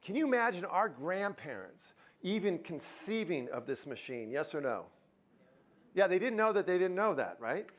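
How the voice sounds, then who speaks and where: A man whose voice sits high speaks at a moderate pace during a live motivational talk at a university auditorium. Lively and playful, this speaker cracks jokes and quizzes the crowd.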